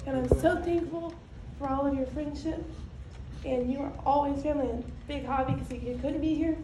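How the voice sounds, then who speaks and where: Woman, slightly high, emotional toast, far from the mic in a roomy, noisy space. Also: fairly even intonation, a little fast. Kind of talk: heartfelt party toast. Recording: echoey room, far mic, crowd.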